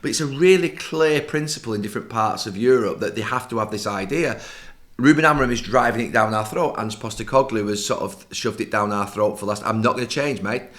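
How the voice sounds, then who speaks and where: A man's voice: lowish voice, fairly quick, a bit bright. A middle-aged man, co-hosting a football podcast, explaining tactics firmly and at length. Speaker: podcast co-host, football pundit. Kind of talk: casual football discussion.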